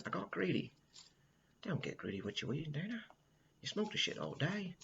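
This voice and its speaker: A man's voice: on the high side, sing-song, slow pace, vocal fry, long pauses, breathy edge, highs cut off. A middle-aged man rambling casually indoors, swearing often and laughing a lot. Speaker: vlogger. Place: indoors at a friend's house.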